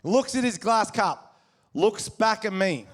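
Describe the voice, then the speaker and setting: An Australian man performing a stand-up comedy set on stage, telling crude stories with loud shouted impressions. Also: high-pitched, expressive, takes it slowly. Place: comedy venue stage before a live audience.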